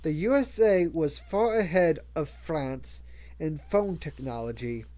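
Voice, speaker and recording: A reader narrating a novel aloud in a measured way, with occasional stumbles and restarts. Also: mid-range voice, lively intonation, dark tone. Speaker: audiobook reader. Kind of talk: audiobook narration.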